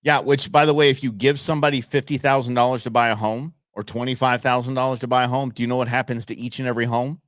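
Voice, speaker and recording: A man's voice: medium pitch, level tone, quick pace, few pauses, fairly bright tone, dry recording, studio quality. A male talk show host giving combative, sarcastic live political commentary.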